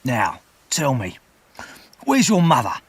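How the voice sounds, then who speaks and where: A rough escaped convict voiced by a male audiobook narrator, growling and menacing, his voice husky and breathy. His pitch swings widely as he barks out threats, and the read sounds close and dry with no room around it. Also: huge pitch swings, slow pace, no echo, full character voice. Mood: threatening. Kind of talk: audiobook character voice.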